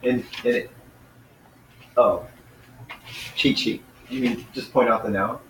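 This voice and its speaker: A man's voice: mid-range voice, fairly even intonation, slow. A man answering as a student in class, hesitant and searching for the answers. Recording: echoey room with faint background noise.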